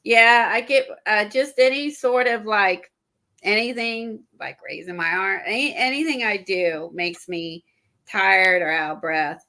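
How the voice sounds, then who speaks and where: A woman chatting casually on an art livestream, a little out of breath and stuffy, rambling with halting fillers and restarts. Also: medium pitch, bright, forceful tone. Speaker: guest showing art supplies.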